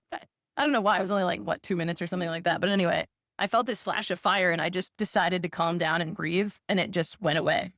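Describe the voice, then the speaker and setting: A woman in a casual conversation, reflective and animated as she tells a story. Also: lowish voice, fast talker, no room sound, studio quality. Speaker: podcast co-host.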